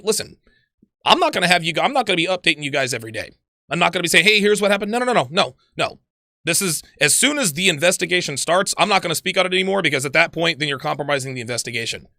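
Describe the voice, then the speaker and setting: A man's voice: fairly high pitch, creaky, bright, forceful tone, no room sound, clean studio sound. A man hosting a livestream, ranting angrily and profanely and repeating himself. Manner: angry, profane, repetitive. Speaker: livestream host. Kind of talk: heated livestream rant.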